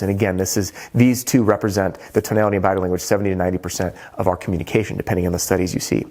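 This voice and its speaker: A man, a roofing sales trainer, giving a direct-to-camera sales training talk, animated and playing with pauses and tone. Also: on the low side.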